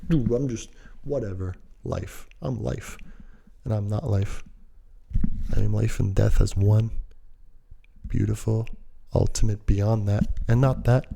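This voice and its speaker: Chill guy rambling thru a story, slangy, kinda dark mellow tone, lots of fry. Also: fairly low pitch, a little slow. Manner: laid-back, slangy, drifts into musing. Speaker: vlogger telling a personal story.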